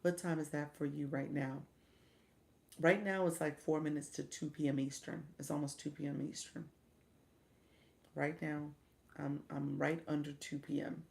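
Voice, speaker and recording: A woman's voice: low voice, fairly even intonation, normal speed, gravelly, long pauses. A woman hosting a casual livestream, chatty and encouraging, talking straight to her viewers and saying y'all. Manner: chatty and encouraging, says y'all, mimics voices. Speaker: livestream coach and host.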